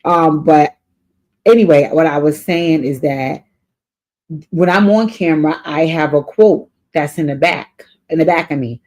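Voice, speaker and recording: A woman's voice: deep voice, a little slow, darkish tone. A woman hosting an advice show off camera, answering a viewer's letter in casual spoken advice. She is earnest and encouraging, with a spiritual bent, and repeats key lines for emphasis. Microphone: off camera, voice only.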